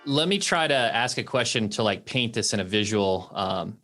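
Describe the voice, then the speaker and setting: A man's voice: fairly low pitch, expressive, normal speed, bright, forceful tone, soft background music. A man hosting a podcast, working out his questions aloud with frequent restarts in a casual, curious way. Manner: thinking aloud, restarts while framing questions. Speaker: podcast host. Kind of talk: conversational podcast interview.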